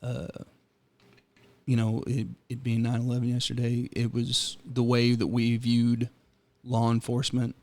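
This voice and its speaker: A man at a middle pitch talks loosely in an easygoing podcast chat. He rambles and restarts, drops swear words freely, and often breaks into laughter. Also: completely flat delivery, unhurried, darkish tone. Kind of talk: casual chat.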